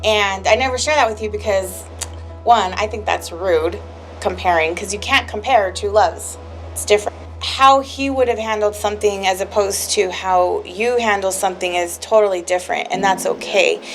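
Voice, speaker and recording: A woman's voice: mid-range voice, normal speed. A woman co-hosting a podcast, speaking candidly and heartfelt about her life, rambling with lots of fillers and close to tears at times. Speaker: podcast co-host. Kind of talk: candid personal chat. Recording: music playing clearly behind.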